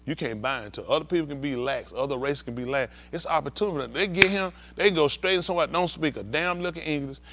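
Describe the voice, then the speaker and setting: A man with a rather high voice preaches in a blunt, heated, profane way. He talks straight at the congregation and acts out scenes with volunteers as he goes. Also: quick pace, hardly any pauses, background noise. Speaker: pastor.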